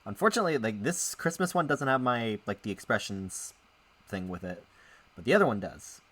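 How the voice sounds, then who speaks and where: Fairly low in pitch but animated and a little bright, this man talks at a slightly fast clip. He's a VTuber on a casual live stream, reading and playing a visual novel and chatting loosely with viewers, rambling and breaking off his own sentences.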